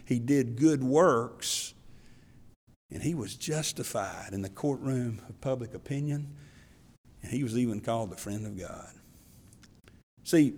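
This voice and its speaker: A man's voice: mid-range voice, darkish tone. Folksy male pastor in a reverberant church. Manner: folksy, conversational preaching with scripture readings. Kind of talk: sermon.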